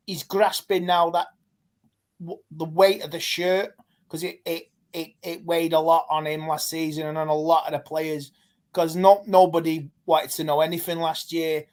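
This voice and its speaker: A high-pitched man appears as a guest fan pundit in a casual football podcast chat. He rambles in a stop-start way, often restarting his sentences.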